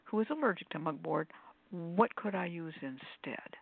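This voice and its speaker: A woman co-hosting a radio call-in show, chatty and quick to laugh, often going off on tangents. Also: lowish voice, expressive, vocal fry, breathy edge, no echo. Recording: dry phone-line audio.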